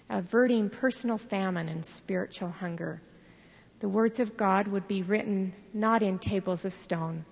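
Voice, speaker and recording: An older woman giving a sermon, telling stories in an earnest, measured way. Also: mid-range voice. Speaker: devotional speaker. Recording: long reverb of a large hall.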